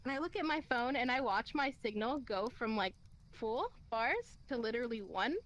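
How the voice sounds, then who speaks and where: Young girl, high voice, telling a story, doing all the voices, swears a lot. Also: normal speed, muffled recording. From Kentucky, USA. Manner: animated, acts out quoted lines, laughs often, swears. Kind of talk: casual storytelling.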